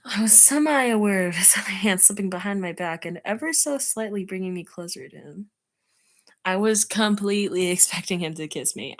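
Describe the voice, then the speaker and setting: Giggly woman reading fan fiction aloud. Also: mid-range voice. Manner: giggly, breaks off to comment. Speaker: streamer.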